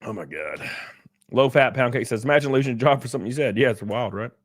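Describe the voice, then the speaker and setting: A man's voice: medium pitch, lively intonation, fast talker, no echo, clean studio sound. A man from California hosting a casual livestream, reading chat and reacting, swearing often and laughing a lot. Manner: profane, laughing, acts out other people's voices. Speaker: livestream host.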